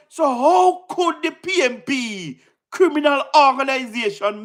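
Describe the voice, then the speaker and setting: A man with a Jamaican accent doing casual livestream commentary, excitable, repeating himself and firing rhetorical questions with frequent laughs. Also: very high-pitched, a little slow.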